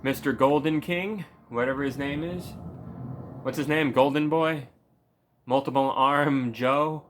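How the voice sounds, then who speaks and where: Male game streamer, rambling profane chatter, average pitch. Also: fairly even intonation, a little slow, a bit bright, slight background noise. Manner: profane, rambling, laughs at his own jokes. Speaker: gameplay streamer. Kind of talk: casual commentary over gameplay.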